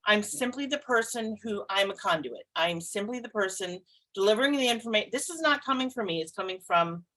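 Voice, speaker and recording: A woman psychic co-hosting a podcast in casual chat, expressive, laughing often and swearing lightly. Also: mid-range voice, fairly quick, low-quality recording.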